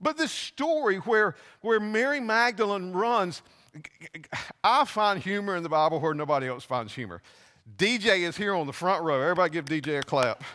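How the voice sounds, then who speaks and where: A man preaching a sermon, telling a scripture story with halting restarts and acting out the voices. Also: sits high, lively intonation, sharp tone, in a large hall. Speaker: pastor. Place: church.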